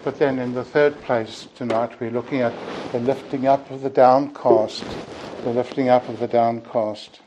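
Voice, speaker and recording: A man preaching an evening sermon in an earnest, deliberate way, often closing his points with "you see". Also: mid-range voice, fairly even intonation, warm tone, a little hiss or hum, poor audio.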